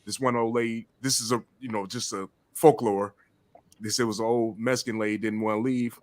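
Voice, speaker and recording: A man on a casual podcast panel, telling a story in a relaxed, hedging way. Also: on the low side, fairly quick, no echo.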